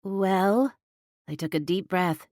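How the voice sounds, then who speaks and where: A woman narrating a first-person romance audiobook in an intimate, breathy, confiding manner. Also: deep voice, unhurried, darkish tone, no echo, studio quality.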